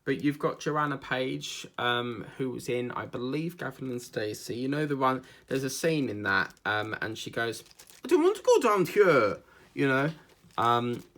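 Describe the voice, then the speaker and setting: A man with a gravelly, creaky voice chats casually as he hosts a craft video. He rambles and digresses, jokes along the way and leans on plenty of fillers. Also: medium pitch, bright, forceful tone. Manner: chatty, digressive, jokey, with many fillers. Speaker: craft channel host.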